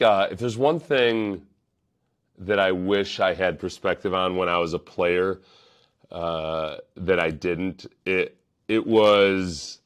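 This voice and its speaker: Deep-voiced host, wry reaction talk, thinks out loud, restarts a lot. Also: male voice. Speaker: sports podcast host. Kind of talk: casual reaction commentary.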